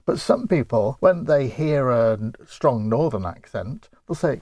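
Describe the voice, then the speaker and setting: Dry-witted man with a gravelly edge. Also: medium pitch, expressive, a little slow, darkish tone, no room sound. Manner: dry wit, chuckles through his remarks. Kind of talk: casual chat.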